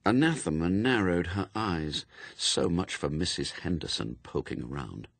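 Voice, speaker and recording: A man narrating a novel in a wry, expressive storytelling manner, recorded close and dry. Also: deep voice, normal speed, vocal fry, dry recording. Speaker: audiobook narrator. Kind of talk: scripted narration.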